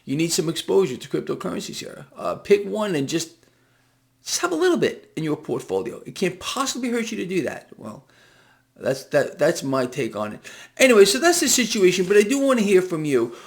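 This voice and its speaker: Male financial commentator, slightly higher-pitched, sardonic and emphatic, talks through allergies, casual solo monologue. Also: sing-song, brisk, vocal fry. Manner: emphatic, sardonic, repeats phrases, laughs at bad news.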